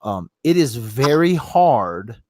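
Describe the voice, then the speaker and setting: A middle-aged man hosts a casual live stream from his phone and chats with callers in a loose, rambling way. He swears freely at an ordinary mid pitch. The sound is dry and close. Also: sing-song, slow, a little mellow, dry recording. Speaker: livestream host taking callers.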